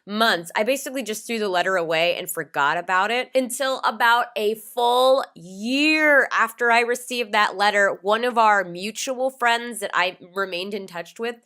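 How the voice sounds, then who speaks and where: A woman's voice: on the high side, moderate pace, hardly any pauses, clean tone. A young woman vlogger telling a storytime casually, swearing freely and acting out what people said. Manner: animated, swears freely, acts out quoted lines.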